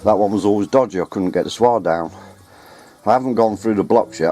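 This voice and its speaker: A man's voice: lowish voice, fairly quick, mellow. A man chatting and rambling to a handheld camera outdoors at home, correcting himself as he goes. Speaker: radio hobbyist vlogger. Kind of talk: casual running commentary to camera. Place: outdoors at home on ladders and in the garden. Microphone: handheld camera mic.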